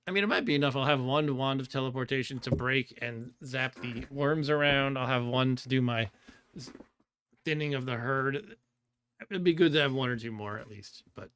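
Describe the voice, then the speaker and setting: Bright, clear-voiced man streaming a game. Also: mid-range voice. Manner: chatty, laughs often, reads chat aloud; thinks aloud while playing, trailing off. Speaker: streamer playing a computer game. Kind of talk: casual live-stream commentary.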